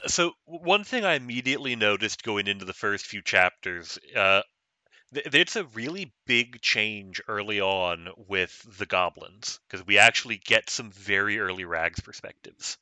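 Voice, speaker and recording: Low, sharp-voiced man on a dry mic. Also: animated, moderate pace, no echo. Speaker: podcast co-host. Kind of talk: casual book discussion.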